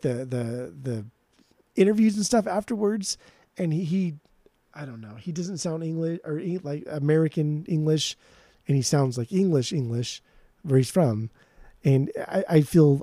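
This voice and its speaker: A man co-hosts a casual music podcast, ranting and cursing as he goes. His pitch swings a lot, and his tone is warm and mellow. The sound is dry and close. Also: dry recording. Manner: ranting, profane, animated. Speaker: podcast co-host.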